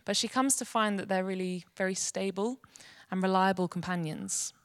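Woman Bible teacher, earnest and gentle, close and dry sound. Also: mid-range voice, normal speed, dry recording. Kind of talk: devotional teaching.

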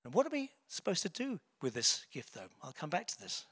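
A man's voice: sits high, huge pitch swings, fairly quick, fairly bright tone, breathy edge. A man giving a sermon in a conversational way, with fillers, self-corrections and chuckling asides. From England. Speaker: preacher.

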